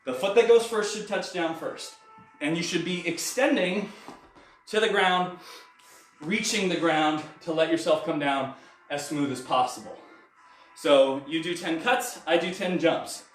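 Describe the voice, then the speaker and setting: A man's voice: on the high side, unhurried. A man teaching stage combat in a live online class, coaching with upbeat energy and counting reps while he demonstrates the moves. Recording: roomy echo, mic at a distance, faint music.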